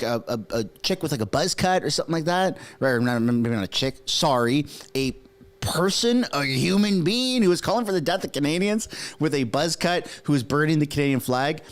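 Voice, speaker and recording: A man whose first language is French hosts a casual political livestream, animated and profane, joking and talking straight to his chat. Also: fairly high pitch. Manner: animated, swears, jokes, talks to chat viewers. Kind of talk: casual live commentary.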